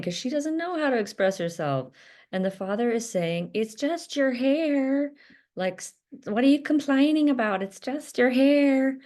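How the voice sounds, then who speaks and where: A woman's voice: sits low, darkish tone. A woman talking earnestly to camera in a self-help video, stressing points by repeating words, with many fillers.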